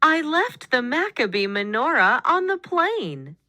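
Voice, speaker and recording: A woman voicing an earnest young girl in a storybook, with a high childlike delivery. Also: huge pitch swings, takes it slowly, bright, forceful tone, dry recording, full character voice. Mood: upset.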